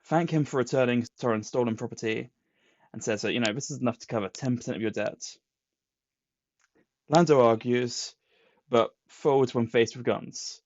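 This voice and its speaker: A man's voice: medium pitch, moderate pace, pauses often, a little mellow, no room sound. A man co-hosting a podcast, casually recapping a comic plot with put-on quotes. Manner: retells plots with put-on quotes. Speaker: podcast co-host. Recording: dull lo-fi sound.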